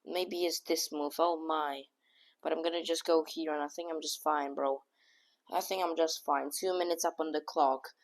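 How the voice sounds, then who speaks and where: A woman giving casual, excitable running commentary on her own chess game, thinking aloud move by move and often scolding herself. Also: deep voice, moderate pace. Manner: casual slang, says "bro" and "oh my god". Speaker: chess streamer.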